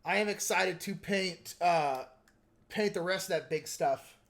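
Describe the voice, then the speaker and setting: Chatty man with a higher voice. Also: measured pace, fairly bright tone. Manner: rambling, chatty, lots of filler words; joking, self-mocking. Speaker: livestream host painting miniatures. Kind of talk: casual livestream chat.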